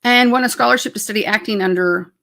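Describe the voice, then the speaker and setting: A woman co-hosting a casual live chat show, chatty and teasing with quick asides. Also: mid-range voice, vocal fry, fairly bright tone. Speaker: co-host, teacher.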